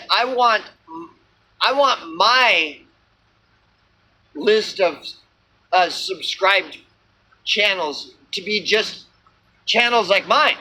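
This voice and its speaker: Man, high-pitched, bright tense voice, rambling profane vlog rant, lots of uhs and restarts. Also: poor audio. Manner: profane, repetitive, many fillers and restarts. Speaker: small channel vlogger. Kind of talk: rambling unscripted rant to camera.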